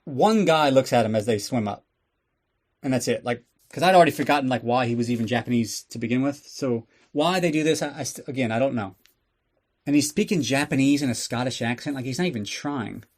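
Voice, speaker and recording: A man's voice: medium pitch, brisk, a little mellow. A man with a mid-range voice recapping a film for a podcast audience. His delivery is loose and sarcastic, full of swearing and offhand jokes. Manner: sarcastic and profane, riffing on the plot. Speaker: podcast host. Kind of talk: casual comedic movie recap.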